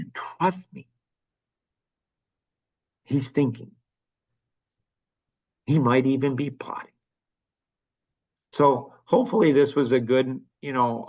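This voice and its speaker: An older man hosting a casual podcast, talking emphatically and swinging between loud bursts and hushed asides. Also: medium pitch, breathy edge. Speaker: podcast host.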